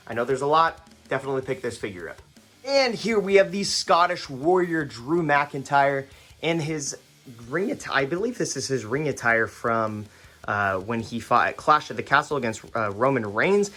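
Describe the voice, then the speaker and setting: A man's voice: mid-range voice, fairly bright tone. A young man hosting a casual action-figure unboxing review, rambling with lots of fillers and restarts, a little foggy and stuttering. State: stuttering, foggy after a fight.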